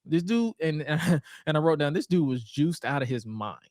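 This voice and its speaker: A man's voice: on the high side, moderate pace, no room sound, studio quality. A man co-hosting a podcast, recapping old wrestling shows in casual chat and acting out the wrestlers' lines in playful voices. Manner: animated storytelling with playful put-on quotes. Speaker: podcast co-host.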